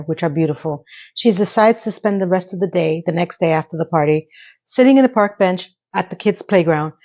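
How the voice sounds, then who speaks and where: A woman's voice: on the low side, darkish tone, lo-fi sound. A middle-aged woman giving a chatty, opinionated recap of a TV episode and offering life advice.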